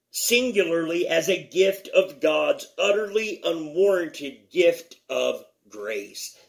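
A man giving a devotional Bible teaching, speaking deliberately with repeated phrases and reading scripture aloud with emphasis. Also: a little high, gravelly, a bit bright.

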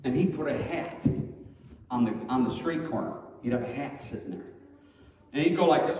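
Animated preaching man in echoey hall. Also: medium pitch, normal speed, far from the mic. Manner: animated, acts out quoted voices loudly. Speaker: Sunday school teacher. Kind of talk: storytelling sermon. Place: church hall.

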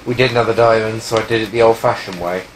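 Deadpan low-voiced man gaming. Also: fast, slight background noise, poor audio. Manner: deadpan, dark teasing jokes. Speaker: gamer. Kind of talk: casual gaming chat.

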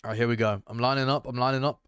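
Young man, excitable gaming streamer, chatty, dry close mic. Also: medium pitch, very fast, smooth, no room sound. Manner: excitable, chatty, addresses chat and viewers. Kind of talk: live gameplay commentary.

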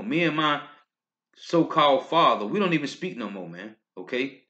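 A man's voice: mid-range voice, expressive, normal speed, sharp tone. A man preaching from scripture in bursts, ending lines with "man, okay?". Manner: emphatic, rising and falling bursts. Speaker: street preacher. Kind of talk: scripture-reading sermon video. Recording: dull lo-fi recording.

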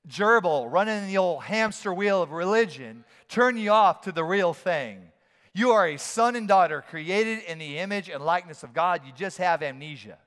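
A man preaching a sermon as a pastor, animated and playful, now and then acting out shouted voices. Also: high-pitched, smooth. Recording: long hall reverb.

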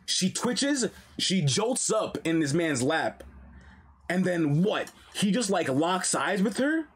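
A young man streaming a live reaction to a comic, talking in an animated, slangy, excitable way. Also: high voice, slow pace, slightly rough.

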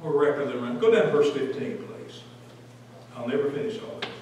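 A man teaching a Bible study in church, quoting verses with animated voices and asking the class questions. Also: mid-range voice, brisk, slight background noise. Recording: echoey room taped from a distance.

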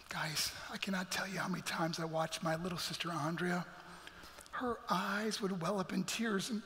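Middle-aged male guest speaker, high bright voice, dramatic testimony, big church echo. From New York. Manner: dramatic, emphatic storytelling with acted quotes. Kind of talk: motivational testimony. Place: large church hall. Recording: reverberant church hall.

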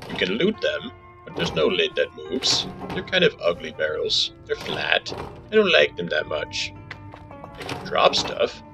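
A man presenting his own game mod in a comedic trailer, playful with deadpan asides. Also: low voice, gravelly.

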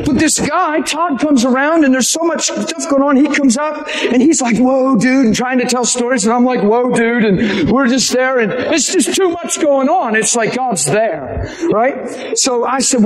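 An excitable male preacher tells stories to a live crowd, jumping into the voices of the people he describes and laughing along the way. His voice sits high for a man, and the recording rings with the echo of a large hall. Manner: excitable, acts out quoted people, laughs often. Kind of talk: animated sermon storytelling. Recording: roomy live venue recording.

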